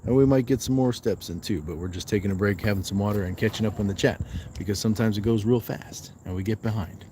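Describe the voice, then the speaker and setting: A man's voice: fairly low pitch, quick pace, dark tone, slight background noise. A man hosting a fitness livestream, chatting casually outdoors at night while resting on a walk and reading viewer comments aloud.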